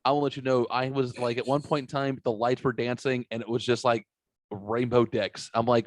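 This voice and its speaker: A man's voice: medium pitch, little pitch movement, brisk, dry recording. Profane rambling podcast guy. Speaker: podcast co-host. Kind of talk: casual podcast banter.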